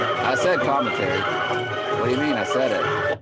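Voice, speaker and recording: A man's voice: medium pitch, animated, normal speed, loud music behind the voice. A man giving casual, playful commentary over a video he plays, repeating phrases in a mock chant and breaking into sudden exclamations.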